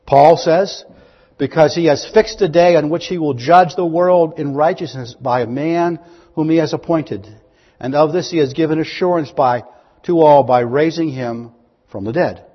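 Man, preacher, sermon, slightly husky, emphatic proclamations, questions to listeners, muffled hall recording. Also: normal speed. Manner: emphatic, rises to loud high proclamations; reads scripture aloud, then questions the listeners. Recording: dull, long-echo hall recording.

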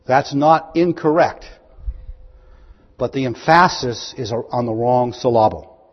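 Emphatic preacher in an echoing hall. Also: male voice, slow pace. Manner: emphatic, rises to loud high proclamations; reads scripture aloud, then questions the listeners. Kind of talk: sermon. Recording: dull, long-echo hall recording.

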